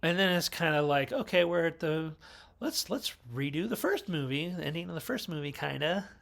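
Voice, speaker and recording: Gravelly man rambling through a movie review. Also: a little high, lively intonation, normal speed, fairly bright tone. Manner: rambling, chatty, wry asides and self-corrections. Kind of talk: casual film review monologue.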